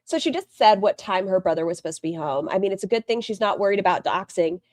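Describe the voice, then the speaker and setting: A woman's voice: mid-range voice, animated, fast, darkish tone, no echo, clean studio sound. A woman streamer giving blunt, mocking, profane commentary while she watches another stream and reads chat. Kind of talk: casual commentary.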